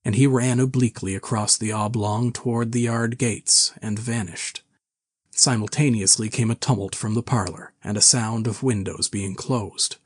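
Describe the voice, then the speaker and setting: Husky low male storyteller. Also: dry recording, clean studio sound. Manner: measured, even storytelling. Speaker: narrator. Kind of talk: scripted narration of a classic novel.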